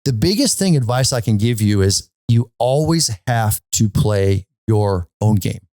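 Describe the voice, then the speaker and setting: A man's voice: on the low side, measured pace, no echo. A man hosting a golf podcast, telling a story casually and animatedly, often stopping to ask "okay?". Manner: animated, repeats himself, often asks "okay?".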